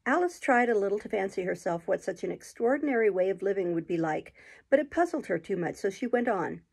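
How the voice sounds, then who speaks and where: A woman host reading a children's classic aloud in a gentle, steady storybook narration. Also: mid-range voice, a little fast, gravelly, slightly rough.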